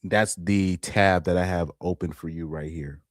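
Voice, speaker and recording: Low-voiced man rambling on a live stream. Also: steady tone, a little slow, no room sound, clean studio sound. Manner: rambling, repeats himself, restarts often. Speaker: live streamer reacting to videos. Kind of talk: casual live-stream commentary.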